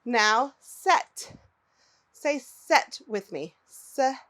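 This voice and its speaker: A woman with a fairly high voice teaching phonics to small children. She speaks slowly and articulates every word with care. She repeats each word and asks the listener to say it with her. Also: animated, a bit bright. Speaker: early-learning teacher. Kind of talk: slow, clearly enunciated phonics lesson for young children.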